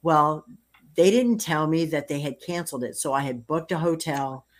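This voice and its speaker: A woman's voice: low voice, moderate pace. An older woman hosting a casual interview, telling a story and laughing at her own jokes. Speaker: host.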